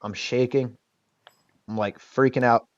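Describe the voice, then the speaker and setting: A man guest on an interview podcast, telling a personal story in a casual, lively way and acting out what others said. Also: mid-range voice, measured pace, no room sound. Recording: dull lo-fi dry sound.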